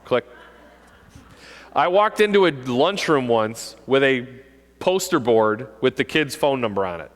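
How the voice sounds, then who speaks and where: A middle-aged man, a police officer, giving an animated talk to parents and acting out kids' voices. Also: mid-range voice, a little slow, pauses often. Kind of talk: presentation to an audience. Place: school hall. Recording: long hall reverb.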